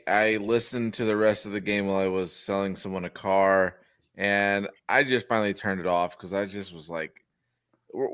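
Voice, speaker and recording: A man's voice: medium pitch, a bit bright, dry recording, clean studio sound. A man co-hosting a sports podcast, earnestly recounting a game in long run-on sentences. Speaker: podcast co-host. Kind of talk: casual sports chat.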